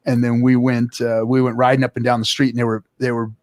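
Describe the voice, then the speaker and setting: A man telling a long story in casual chat, profane and animated, acting out the people he quotes. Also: medium pitch, fast, no echo. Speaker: show regular.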